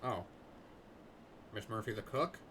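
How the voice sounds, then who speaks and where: An excitable young man narrates a game with jokes and casual swearing. His voice is bright and his pitch jumps around animatedly. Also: measured pace, a little hiss or hum. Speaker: gaming host. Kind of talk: let's-play commentary.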